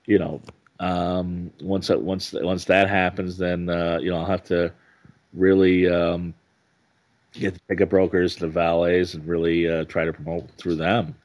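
A male stand-up comedian chatting as a podcast guest, rambling with halting restarts. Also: low-pitched, little pitch movement, darkish tone. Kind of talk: casual podcast interview.

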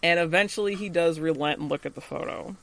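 A man co-hosting a podcast and recapping an episode in casual chat. He is animated, laughs often and acts out the characters' lines. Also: fairly high pitch, fast talker, gravelly.

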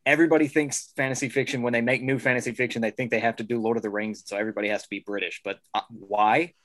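A man co-hosting a casual discussion, telling stories in an animated way and laughing as he talks. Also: mid-range voice, racing, no echo. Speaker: podcast co-host.

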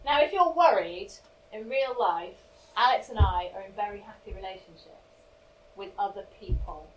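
A woman's voice: mid-range voice, moderate pace. A woman co-hosting an improvised comedy show, speaking dryly. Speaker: improv comedy podcast co-host. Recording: echoey live stage recording from far off with noise.

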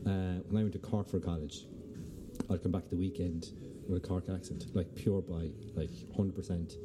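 A man with a County Clare Irish accent hosts a podcast, his voice low. He chats and jokes as he asks questions, and clear background noise runs behind him. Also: flat delivery, moderate pace. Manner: chatty, jokey interviewer. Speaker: podcast host. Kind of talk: casual chat.

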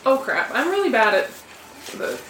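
A woman's voice: fairly high pitch, sing-song, moderate pace, fairly bright tone, a little hiss or hum. A woman on a casual podcast, giggling and exclaiming as she learns to play a video game. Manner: giggly, exclaims while playing. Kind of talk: casual chat while playing a video game. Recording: echoey room, a bit off mic.

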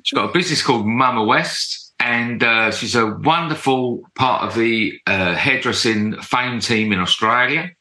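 A man's voice: mid-range voice, moderate pace, few pauses, reverberant, low-quality recording. A man hosting a podcast who asks rambling, friendly questions and often repeats himself. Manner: warm, rambling, apologetic questions with many repeated yeahs. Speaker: podcast host. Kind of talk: casual interview.

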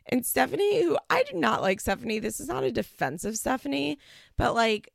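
A woman's voice: on the high side, huge pitch swings, normal speed, vocal fry, dry recording, clean studio sound. A young woman casually recapping a reality show, chatty and laughing often, with some swearing. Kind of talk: casual chat.

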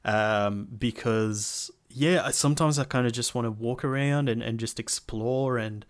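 Relaxed young man rambling about games. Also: medium pitch, measured pace. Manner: rambling, relaxed, lots of fillers like "like". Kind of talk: casual gaming chat.

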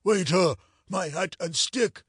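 A man voicing a hoarse, frightened old male councillor in a storybook reading, mournful and trembling. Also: sits high, slow, fairly bright tone, no room sound, studio quality, heavily acted.

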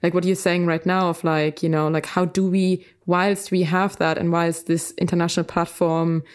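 A woman's voice: on the low side, level tone, normal speed, clean tone. A woman co-hosting a podcast, chatting casually in loose, searching phrases full of "like" and "you know". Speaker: podcast co-host. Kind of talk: casual chat.

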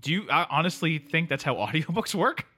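A man's voice: a little high, big pitch swings, fairly quick, bright, forceful tone, heavily acted. A man playing a pushy, self-important audiobook studio engineer who talks down to his client and mutters asides, in a comedy sketch. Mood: exasperated. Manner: impatient, condescending, mutters asides.

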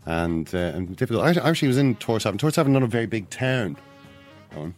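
An Irish man hosting a sports podcast, talking in a mock-solemn, deadpan way. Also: on the low side, fast talker, soft background music. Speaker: podcast host. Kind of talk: deadpan mock-serious chat.

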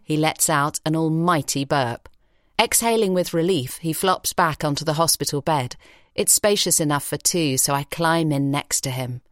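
A woman reading an audiobook story in a measured, expressive way in a recording studio. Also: sits low, no room sound. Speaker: audiobook narrator. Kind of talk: scripted narration. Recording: dry studio sound.

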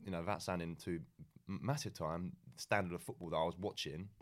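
A young man with a very low voice tells his story as a podcast guest. He rambles along in a relaxed, chatty way, full of ums and false starts. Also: brisk. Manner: rambling, frequent ums and restarts, laid-back. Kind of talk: casual storytelling chat.

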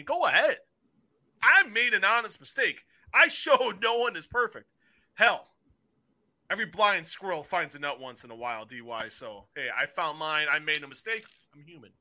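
A man hosting a casual wrestling review podcast, excitable and swearing freely as he acts out his stories. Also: high voice, normal speed. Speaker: podcast host.

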